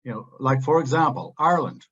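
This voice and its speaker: A man's voice: on the high side, brisk, fairly bright tone, lo-fi sound. A man speaking as a panelist in a heated open discussion, blunt and impassioned, drifting into digressions.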